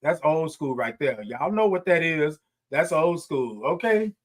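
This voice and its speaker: A man's voice: on the high side, lively intonation, unhurried, slight background noise. A man hosting a morning livestream show, chatting casually with viewers, reading their comments and calling back to them with a lot of repetition and laughter. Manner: upbeat, repetitive, call-and-response, frequent laughs.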